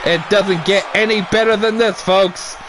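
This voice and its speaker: A high-voiced man calls a wrestling video game play by play, chatting casually between moves and yelling when the action spikes. He swears now and then. A faint hiss sits under the recording. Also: normal speed. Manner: excitable, shouts big moves, casual and swears. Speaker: YouTube gaming commentator.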